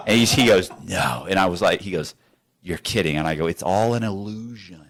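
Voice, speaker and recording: A man's voice: low voice, fairly quick. A man telling a story as an interview guest in a studio, acting out both sides of the conversations.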